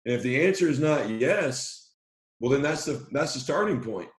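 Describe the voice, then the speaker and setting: A man, a basketball coach, talking with excitement as a podcast guest, often repeating himself as he speaks. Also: mid-range voice, roomy sound, faint music behind. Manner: energetic, talks fast and excitedly, repeats words. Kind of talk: podcast conversation.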